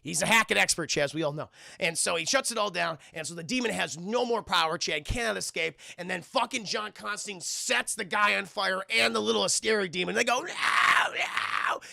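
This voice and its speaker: Gravelly, bright-voiced streaming man. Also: sits high, brisk, dry recording, studio quality. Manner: profane, rambling, irreverent. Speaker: streamer and TV reviewer. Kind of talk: casual recap to a live chat.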